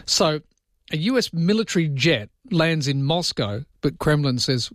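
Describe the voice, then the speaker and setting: A man's voice: on the high side, expressive, a little slow, a bit bright, no echo, clean studio sound. A man hosting overnight talk radio, chatting casually with jokey, self-mocking asides. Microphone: studio microphone.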